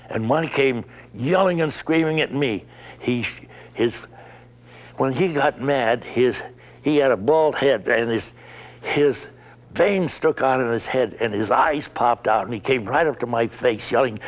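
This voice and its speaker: An older man interviewed about working on a film set, telling a story in a lively, animated way. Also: mid-range voice, a little slow. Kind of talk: anecdotal storytelling.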